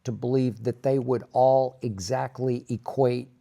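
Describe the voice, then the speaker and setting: A man's voice: medium pitch, steady tone, unhurried, gravelly, dark tone. A man co-hosting a relationship talk show, chatting casually and speaking earnestly about faith. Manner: earnest, reflective, brings faith into it. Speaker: co-host. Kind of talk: casual chat.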